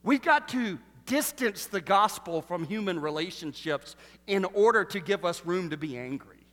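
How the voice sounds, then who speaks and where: A pastor preaches in a lively, conversational way, tossing rhetorical questions at the congregation. His fairly high voice leaps up and down, one moment booming and the next dropping to a hush. The sound carries the long reverb of a large hall. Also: normal speed. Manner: animated, swings from loud to hushed, rhetorical questions. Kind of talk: sermon.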